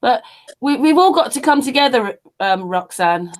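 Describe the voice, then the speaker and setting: A woman's voice: a little high, animated, normal speed. A woman chatting casually in a group video call, talking over the others and laughing at the banter. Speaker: panelist.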